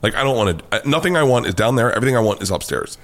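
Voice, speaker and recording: American guy comedian rambling a story, gets loud and squeaky when he acts stuff out, swears a lot. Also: rapid-fire. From United States. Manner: excitable, swears freely, acts out quotes in a high voice. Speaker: guest comedian. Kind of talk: animated storytelling.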